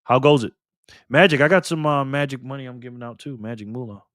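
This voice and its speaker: A man's voice: medium pitch, quick pace, a bit bright, no room sound, studio quality. A man hosting a casual live stream, reading the chat aloud and talking back to viewers in an upbeat, chatty way. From Nevada.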